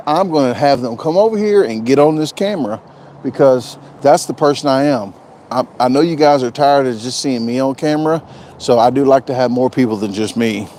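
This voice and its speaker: A vlogger on a live stream chats casually, rambling, joking and often repeating himself. He has a mellow, medium-pitched voice, with slight background noise.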